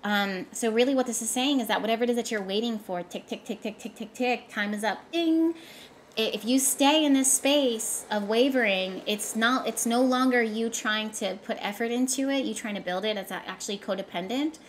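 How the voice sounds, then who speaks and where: A woman's voice: on the high side, a little fast, few pauses, a little hiss or hum. A woman giving a casual tarot reading straight to her viewers, talking emphatically and often repeating herself for effect. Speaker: tarot reader.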